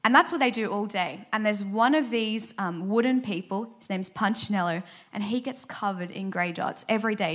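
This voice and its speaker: A woman's voice: medium pitch, moderate pace, few pauses. Earnest woman giving a devotional talk. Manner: earnest and gentle, confessional.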